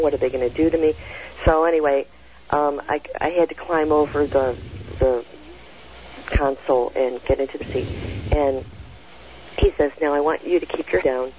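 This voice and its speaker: Woman, 60s, gravelly, meandering storyteller; muffled recording with a faint hiss. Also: deep voice, darkish tone. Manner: rambling, with many fillers and self-corrections. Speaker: storyteller recounting a personal experience. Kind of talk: casual spoken storytelling. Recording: dull lo-fi sound with faint noise.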